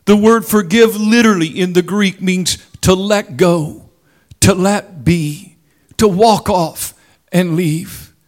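A male preacher delivering a sermon at an unhurried, measured pace. His fairly high voice swells for emphasis, then sinks low and quiet. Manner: slow, deliberate preaching with dramatic rises and drops.

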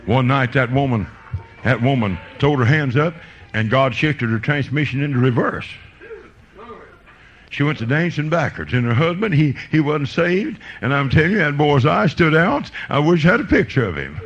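A man's voice: mid-range voice, expressive, moderate pace, highs cut off. A man preaching a sermon, telling folksy stories of faith with fervent energy.

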